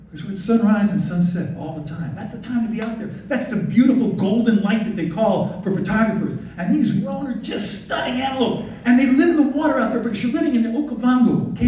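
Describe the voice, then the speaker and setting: An excitable man with a high voice gives a lively presentation, bouncing between thoughts and interrupting himself. He sounds far from the mic, and his voice rings around a big echoey hall. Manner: excitable, animated, self-interrupting. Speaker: wildlife photographer giving a slide talk. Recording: distant echoey hall recording.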